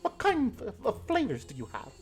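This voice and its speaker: Woman doing a high, doting old granny. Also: wildly swooping pitch, soft background music. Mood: chatty. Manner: doting, drawn-out, singsong. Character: sweet, fussy old grandmother farmer.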